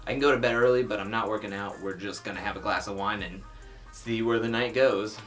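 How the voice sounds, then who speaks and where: A man's voice: fairly low pitch, steady tone, a little fast, a bit bright, recorded from a distance, faint music behind, pitched below the performer's own voice, natural voice. A man quoting a laid-back female reality show competitor in a breezy, dismissive way.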